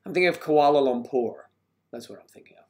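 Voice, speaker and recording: An older man hosting a casual livestream, joking and rambling as he reads viewer comments, often clearing his throat. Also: fairly high pitch, fast. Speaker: host of a livestream. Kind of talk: casual live chat reading viewer comments.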